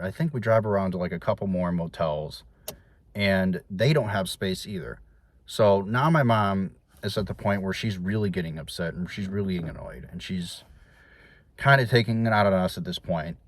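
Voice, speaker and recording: A man's voice: lowish voice, no echo. A young man telling personal stories to his viewers in a casual, rambling way, with many restarts and fillers. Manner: quotes others in raised voices. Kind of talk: casual storytelling to camera.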